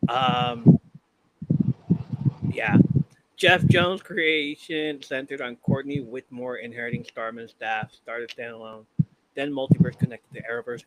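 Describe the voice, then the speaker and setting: On a live-streamed podcast, the host speaks in a mid-range, somewhat bright voice at a measured pace while working through a ranked countdown. He's casual and profane, tends to trail off and start over, and the low-quality recording carries clear background noise with clicks.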